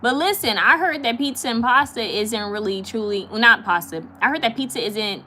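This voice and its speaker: Hosting a live stream, this Californian woman speaks at a fairly high pitch, sounding animated, pushed and bright over a light hiss or hum. Her manner is chatty and giggly as she responds to viewer comments, full of fillers and rapid repetitions.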